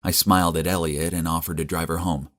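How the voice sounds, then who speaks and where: Deep-voiced man narrating a story. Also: flat delivery, fairly quick, a bit bright. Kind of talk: scripted first-person narration.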